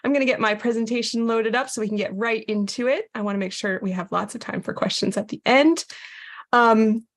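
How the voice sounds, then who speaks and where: A woman giving a writing presentation over a video call, upbeat and clear with occasional fillers. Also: fairly high pitch, fairly quick. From United States. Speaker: writing teacher and guest presenter. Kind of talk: webcast presentation.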